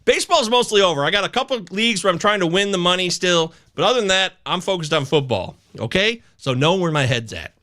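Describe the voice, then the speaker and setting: A male host runs a live fantasy football chat, his pitch leaping up and down as he rambles. His voice is bright and a touch high, and he swears freely when the news goes against him. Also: animated, fast talker, hardly any pauses.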